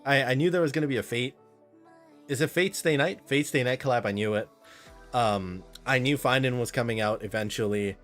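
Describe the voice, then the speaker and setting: A man's voice: medium pitch, a little fast, a bit bright, soft background music. A man streaming a game live, chatting casually with viewers in a rambling, friendly way and reading chat aloud.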